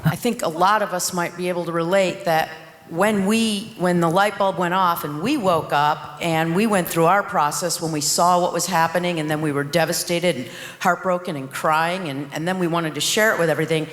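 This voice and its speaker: A speaker sharing an earnest, halting reflection. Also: medium pitch, steady tone, a bit bright. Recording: echoey hall with long reverb.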